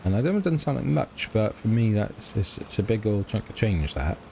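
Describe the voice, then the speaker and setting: In a farming game let's play, a middle-aged British man talks a little fast with big pitch swings in a lowish, creaky, mellow voice. His chat is casual and rambling, full of hesitation, trailing off, and self-mockery, and a little hiss or hum can be heard.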